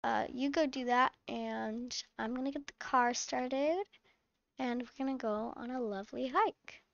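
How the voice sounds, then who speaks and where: A woman's voice: a little high, a little slow, gravelly, no echo, lo-fi sound. A woman hosting her channel, chatting and acting as a fussing, scolding mom in a game role-play. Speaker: channel host playing a mom.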